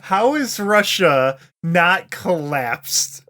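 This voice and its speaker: A man's voice: high voice, lively intonation, extremely slow, sharp tone. A man co-hosting a podcast, chiming in with dry, hesitant remarks. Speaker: podcast co-host. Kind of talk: casual chat.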